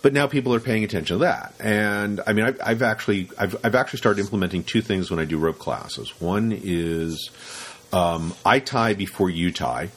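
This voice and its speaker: This rope teacher hosts a casual podcast in a husky, slightly bright voice that sits on the low side, moving at a moderate pace. He rambles, restarts often, repeats words, and plays out his students' lines.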